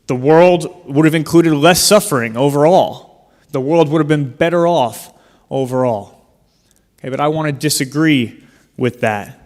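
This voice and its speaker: A man's voice: a little high, a little slow, darkish tone. A man giving a public talk in a large hall, telling a personal story in an earnest way with touches of dry humor. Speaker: speaker. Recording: long hall reverb.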